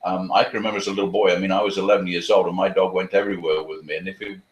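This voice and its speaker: A man's voice: sits low, little pitch movement, very fast, lo-fi sound. A man, a dog trainer answering interview questions in a chatty, anecdotal way with a playful, sarcastic streak. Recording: roomy echo.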